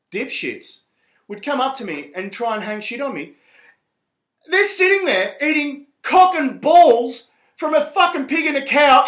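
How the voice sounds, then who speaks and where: A man rants in a rambling, profane way. His voice sits high for a man. The room around him is echoey. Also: fairly bright tone. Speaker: vlogger. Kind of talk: casual monologue to camera.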